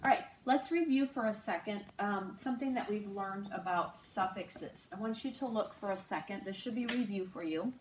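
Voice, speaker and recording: A woman teaching a recorded phonics lesson to third graders, speaking slowly and clearly and drawing out each sound. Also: medium pitch, noisy background. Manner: slow, clear, patient teacher talk with drawn-out sounds. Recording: echoey room, distant mic.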